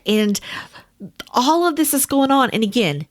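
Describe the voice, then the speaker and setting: A woman's voice: sits high, expressive, moderate pace. A woman teaching a Bible study in a conversational way, speaking to her listeners as friends. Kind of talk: casual teaching.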